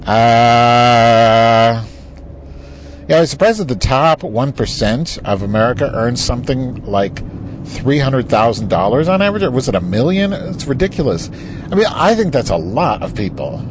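Behind the wheel of a moving car, a man rants into his recorder in a mid-range, sing-song voice at a fairly quick pace. The vlog is profane and rambling, a heated political tirade, with car noise in the background.

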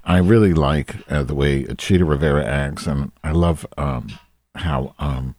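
A man's voice: extremely low pitch, a little slow, darkish tone, no echo. A man hosting a podcast, chatting casually in a rambling, self-deprecating way with campy asides. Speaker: podcast host. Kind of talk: casual solo chat.

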